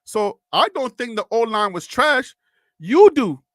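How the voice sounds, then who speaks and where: A man's voice: very high-pitched, animated, measured pace, pushed and bright, no room sound, studio quality. A man from Brooklyn hosting a live stream, arguing back at viewer comments in casual chat. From Brooklyn, New York. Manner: argumentative, rebutting viewers.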